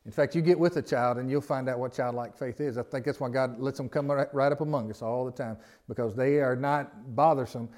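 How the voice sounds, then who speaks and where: A man's voice: medium pitch, fairly even intonation, a little fast, few pauses, a little mellow. A man with a Southern US accent preaching a sermon as pastor, in a folksy, conversational way with repeated phrases and asides.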